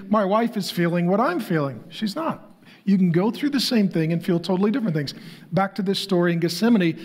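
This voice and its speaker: A middle-aged man, a pastor, preaching a conversational sermon that keeps throwing rhetorical questions at the crowd. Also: sits high.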